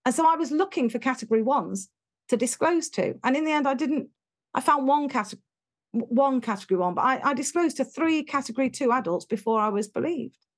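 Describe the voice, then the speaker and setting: A British woman talking in an interview, telling stories in an animated, emphatic way and acting out what people said. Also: sits high, a little fast. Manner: animated, emphatic storyteller who acts out quotes. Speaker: interview guest, education speaker. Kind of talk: conversational interview.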